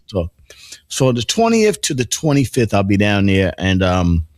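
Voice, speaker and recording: A man's voice: on the low side, huge pitch swings, normal speed, darkish tone, no room sound. A middle-aged man hosting a morning show in casual banter, rambling and joking with many restarts and asides. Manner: playful, joking.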